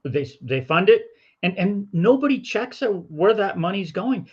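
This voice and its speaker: A middle-aged man co-hosting a casual political chat, speaking haltingly and repeating words as he thinks. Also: high voice, very animated, slightly rough. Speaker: podcast co-host. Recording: dull lo-fi audio.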